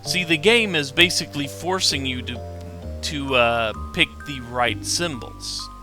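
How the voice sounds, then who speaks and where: A man hosting a let's play, explaining the game step by step in a relaxed, casual way. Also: medium pitch, unhurried. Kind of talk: casual gameplay commentary. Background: game music.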